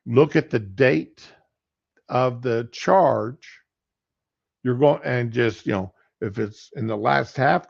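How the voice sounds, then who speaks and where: A man with a deeply gravelly, rough-edged voice hosts a livestream and tells a story in a folksy, plain-spoken way. His pitch sits in a middling range. The stream audio is a little muffled and dull. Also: darkish tone. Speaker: livestream host. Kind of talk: casual storytelling.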